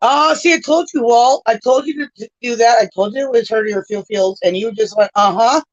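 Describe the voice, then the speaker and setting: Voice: mid-range voice, steady tone, fairly quick, no room sound. A livestream host in casual chat, rambling and swearing, often tagging sentences with "right?". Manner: rambling, profane, tags lines with "right?". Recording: dull lo-fi stream audio.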